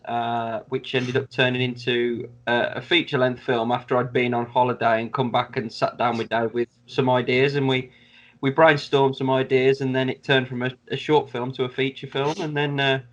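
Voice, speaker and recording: A man's voice: mid-range voice, lo-fi sound. A man in his twenties, an actor, chatting on a video call with some stammering. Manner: stammering, eager. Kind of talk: casual video call chat.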